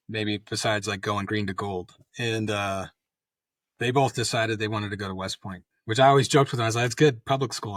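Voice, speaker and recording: A man's voice: fairly low pitch, no room sound, clean studio sound. A man in his fifties, a retired army colonel, telling rambling anecdotes full of fillers in a casual interview. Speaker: guest, retired Special Forces colonel.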